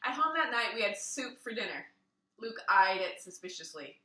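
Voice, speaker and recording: Expressive woman reading aloud with asides; lively pitch, distant roomy mic. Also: normal speed. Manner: expressive, adds asides and laughs. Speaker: reader. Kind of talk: reading a children's book aloud.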